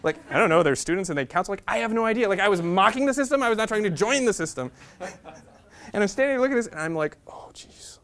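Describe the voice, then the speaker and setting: A man's voice: high voice, animated, fast talker, a bit bright. Man in his thirties telling funny stories. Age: 30s. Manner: self-deprecating, chatty, full of "like" fillers. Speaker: guest speaker. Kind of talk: humorous personal storytelling talk. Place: university classroom.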